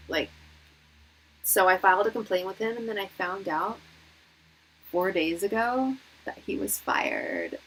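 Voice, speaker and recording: A woman in her late thirties giving advice on a live tarot stream, telling stories in an animated, emphatic way with lots of "like" and restarts. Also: medium pitch, takes it slowly, slight background noise, rough recording. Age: late 30s. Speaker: tarot reader and psychic hosting a live reading.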